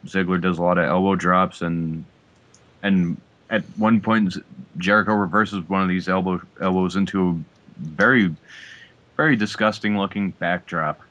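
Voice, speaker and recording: A man's voice: low-pitched, moderate pace, lo-fi sound. A man on a podcast walking through a wrestling match move by move in a casual recap. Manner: listing moves in a steady recap. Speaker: podcast co-host.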